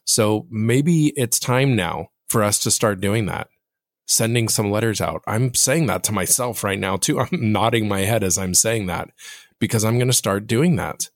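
A man with a low, fairly monotone voice hosts a casual solo podcast. He speaks straight to his listeners in a reflective, self-deprecating way. The recording is dry and close, with no room sound. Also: normal speed, no echo. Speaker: podcast host.

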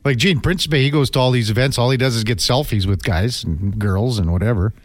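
A man's voice: mid-range voice, fairly quick, no room sound. A man hosting a casual morning radio show, rambling and chatty with lots of fillers.

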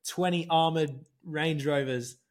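A man co-hosting a casual podcast, telling animated stories, swearing freely and calling people "mate". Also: a little high, unhurried. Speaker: podcast co-host. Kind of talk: casual chat.

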